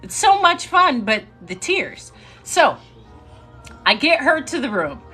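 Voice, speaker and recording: Young woman, lively casual storyteller, higher voice, light music underneath. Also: slow pace. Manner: chatty, animated, breaks into laughs. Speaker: storyteller on a live stream. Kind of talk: casual storytelling to a live audience.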